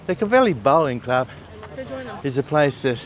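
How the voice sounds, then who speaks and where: A man's voice: mid-range voice, very animated, moderate pace. An Australian man narrating a casual travel vlog outdoors on a coastal walk, chatty and wry with friendly asides. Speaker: travel vlogger. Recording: noisy outdoor street recording. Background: traffic and outdoor ambience.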